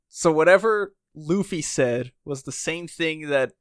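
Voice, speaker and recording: A man's voice: fairly high pitch, unhurried, hardly any pauses, clear, resonant tone, dry recording, clean studio sound. A man co-hosting a podcast in casual chat, rambling with many fillers and restarts and acting out quotes. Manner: acts out character quotes in lively voices. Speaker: podcast co-host.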